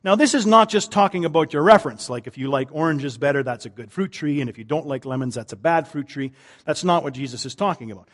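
A man, a pastor, preaching a sermon, moving between loud emphasis and quiet, drawn-out lines. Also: a little high, lively intonation.

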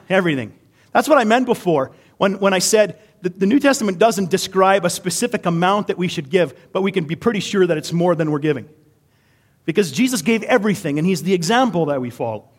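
A Canadian man, a pastor, preaching a sermon in an earnest, conversational way with many rhetorical questions. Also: on the high side.

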